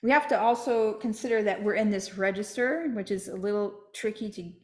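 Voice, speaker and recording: A woman's voice: mid-range voice, a little fast, darkish tone, reverberant. A woman teaching a flute masterclass, explaining step by step and checking in with "right?".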